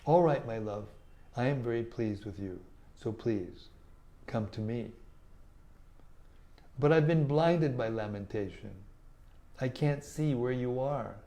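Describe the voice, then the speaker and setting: A man's voice: medium pitch, slow, pauses often, dark tone. A man reading aloud the lines of a humble, lovesick young woman begging forgiveness, in an earnest, slightly raised voice.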